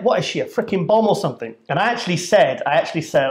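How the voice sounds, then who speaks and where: A man's voice: high voice, lively intonation, fast talker, roomy sound, slight background noise. A British man co-hosting, telling rambling, jokey stories with some swearing. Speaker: co-host. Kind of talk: casual chat.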